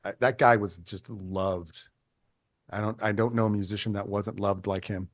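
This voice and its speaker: An older man, a photographer, telling stories in an interview in a rambling, animated way, acting out the people he quotes and often restarting his sentences. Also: fairly low pitch, moderate pace, no echo. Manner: animated, acts out quoted voices. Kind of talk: conversational storytelling.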